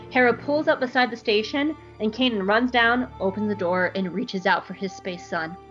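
A woman's voice: mid-range voice, dull audio. A woman podcast host recapping an episode in casual, joking chat. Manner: animated, joking, irreverent.

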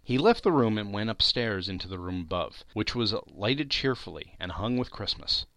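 A man giving a dramatic reading of a classic novel, telling the story with lively expression. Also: on the low side, moderate pace, no room sound. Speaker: reader.

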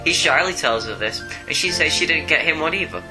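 A man co-hosting a comics podcast, giving a steady, plain recap of a story and then chatting. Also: fairly high pitch, brisk, music in the background, low-quality recording. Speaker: podcast co-host. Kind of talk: summarizing a comic story, then casual chat.

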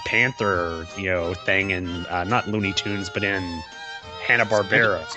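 Podcast co-host, male, lower voice, quick with a quip. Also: steady tone. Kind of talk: casual chat. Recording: dull, muffled sound with faint music.

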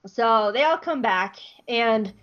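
A woman co-hosting a podcast, recapping an episode in a lively, joking way and briefly mimicking the characters. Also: fairly high pitch, slow pace, muffled recording. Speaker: podcast co-host.

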